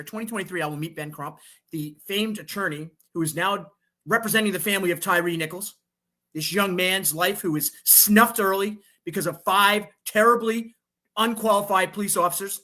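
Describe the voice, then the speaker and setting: A man's voice: high-pitched, sharp tone. A man hosting a political talk show, fired up and emphatic, repeating phrases and restarting his sentences. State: fired up on coffee.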